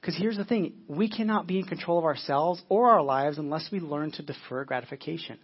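Male pastor, sermon delivery, breathy tone, earnest and stumbling, muffled church recording. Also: on the high side, fairly quick. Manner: earnest, repeats words while searching for them.

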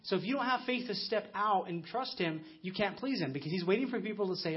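A man's voice: sits high, expressive, fast talker, hardly any pauses, husky. A man in his thirties preaching a conversational sermon, telling stories with frequent restarts, recorded with a muffled lo-fi sound. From United States. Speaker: pastor.

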